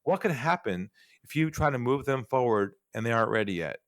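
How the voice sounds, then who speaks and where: A man's voice: mid-range voice, brisk, no room sound, clean studio sound. A man speaking as a podcast guest, telling stories and acting out bits of dialogue as he goes. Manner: animated storyteller acting out dialogue. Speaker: podcast guest, sales trainer. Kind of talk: storytelling interview talk.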